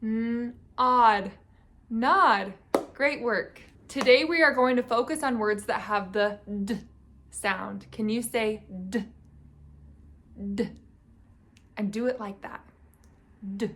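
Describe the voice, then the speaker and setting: A young woman teaching a phonics lesson to small children. She talks very slowly with a bright, somewhat high voice. She sounds out each sound with care and encourages the children to join in. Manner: slow, clearly sounded-out speech with encouraging prompts. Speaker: reading teacher. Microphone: camera mic, teaching at a whiteboard.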